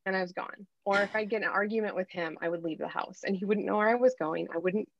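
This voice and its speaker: A woman's voice: mid-range voice, fast talker, creaky, highs cut off, a little hiss or hum. A middle-aged woman, a guest life coach, earnestly telling a candid personal story in a podcast interview. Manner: earnest, animated storytelling with filler ums.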